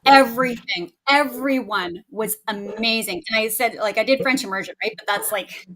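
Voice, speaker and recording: A woman's voice: fairly high pitch, normal speed, a bit bright, rough recording. A woman, a guest teacher chatting casually on a podcast, talking in an effusive way and often restarting her sentences. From Canada.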